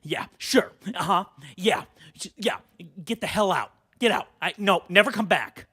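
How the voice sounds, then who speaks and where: A man's voice: high-pitched, expressive, a little slow, pushed and bright, slightly rough, no room sound, pitched above the performer's own voice, full character voice. A man putting on the voice of a furious middle-aged woman who owns an arcade, screaming and dismissive. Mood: furious yelling.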